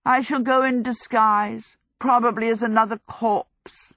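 A vain young wizard with a heavy cold, croaking and playing for sympathy in a higher, louder voice than the reader's own, as a woman reads him aloud. Every line is theatrical and sorry for itself. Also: steady tone, unhurried, no echo. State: hoarse with a cold.

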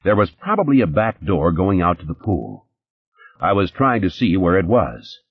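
A man narrating a crime story in the first person, in a matter-of-fact, hard-boiled manner with a husky voice, in a dull, muffled recording. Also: deep voice, sing-song, normal speed, no room sound. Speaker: audiobook narrator.

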